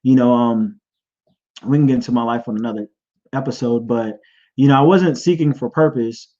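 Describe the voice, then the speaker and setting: A man's voice: mid-range voice, normal speed, mellow. A man hosting a podcast and sharing a personal testimony, earnest and rambling, often restarting his sentences. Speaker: podcast host. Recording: dull lo-fi sound.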